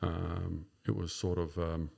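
A man's voice: low voice, flat delivery, takes it slowly, vocal fry, darkish tone. An Australian man in his fifties, a podcast guest telling his own story in a casual, rambling way with many fillers. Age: 50s. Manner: rambling, full of "sort of" and "you know" fillers.

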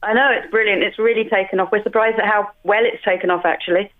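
Fast, chatty Englishwoman on a phone line. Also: mid-range voice, steady tone. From England. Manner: chatty, friendly, quick. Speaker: radio guest on the phone. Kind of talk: phone-in interview. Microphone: telephone.

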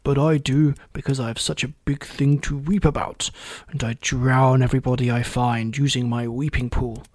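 Guy reading as a grumpy old rhino, deep n slow, dry close sound. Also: fairly even intonation, darkish tone, dry recording, close to an everyday voice. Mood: angry. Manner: deep and angry. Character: old, gloomy, angry rhinoceros.

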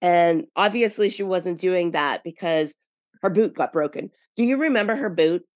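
A woman with a fairly low voice co-hosts a casual podcast, retelling the episode and acting out what people said. The sound is dry and close. She speaks in a chatty, animated storytelling way. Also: normal speed, no room sound. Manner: animated storytelling, acts out quotes. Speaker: podcast co-host. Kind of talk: casual podcast recap chat.

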